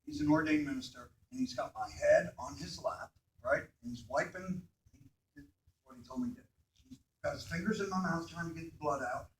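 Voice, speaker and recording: A man speaks earnestly to a room of students about his own experience, pausing often to check in with them. His voice sits a little high and rings through an echoey hall, picked up from some distance with faint background noise. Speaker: speaker telling his accident story to students. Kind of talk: personal testimony talk. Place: school hall or classroom.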